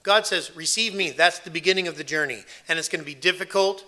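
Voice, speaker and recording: A man's voice: fairly high pitch, fast talker, pushed and bright. A man preaching an earnest sermon, emphatic and repeating phrases for weight. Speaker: pastor.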